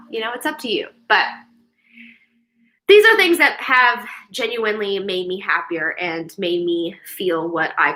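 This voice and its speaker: Bright, upbeat woman chatting on a live stream. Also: mid-range voice, low-quality recording. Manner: chatty and upbeat, with many fillers and restarts. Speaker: host of a daily live meditation stream. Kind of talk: casual live-stream chat.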